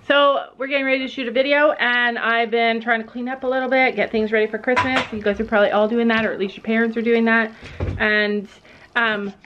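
Middle-aged mom vlogger, chatty and a bit bossy, higher voice, dull lo-fi camera sound. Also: female voice. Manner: chatty, thinks aloud, bossy bursts when laying down rules. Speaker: family vlogger. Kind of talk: casual vlog chat. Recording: dull lo-fi camera audio with faint noise.

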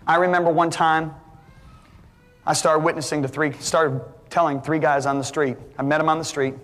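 A middle-aged male preacher giving an animated sermon, full of stories, his voice climbing high for the punchlines. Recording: long hall reverb.

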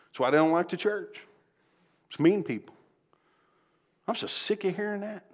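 Inside a church sanctuary, a middle-aged pastor with a medium-pitched voice preaches a sermon in a folksy style. He swings between quiet pleading and loud exclaiming.

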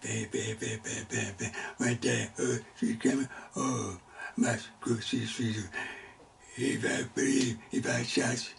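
A man teaches a Sunday school Bible lesson at a slow, deliberate pace. His voice is gravelly, and his speech comes in halting fragments broken by sudden loud exclamations. He sounds set back from the microphone in a church classroom. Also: medium pitch, steady tone, far from the mic, a little hiss or hum.

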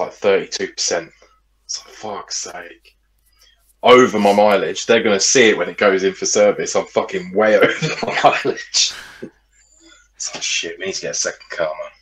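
A man's voice: low voice, a bit bright, rough recording. A man co-hosting a podcast in a laid-back, casual chat, swearing often. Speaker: podcast co-host.

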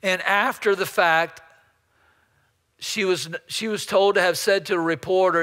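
High-voiced pastor in a reverberant church. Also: male voice, steady tone, sharp tone, clean tone. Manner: halting, repeats words while building a story. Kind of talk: storytelling sermon. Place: church sanctuary.

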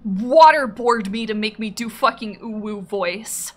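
A woman's voice: a little high, a little slow, few pauses. A woman streamer chatting casually on a live stream, playful and profane as she reads out chat and thanks subscribers.

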